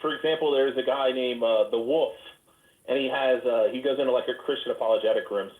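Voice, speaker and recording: A man's voice: mid-range voice, steady tone, brisk. A profane, argumentative man rambles on in a heated online voice chat. His voice comes through thin and phone-like, with a roomy echo around it.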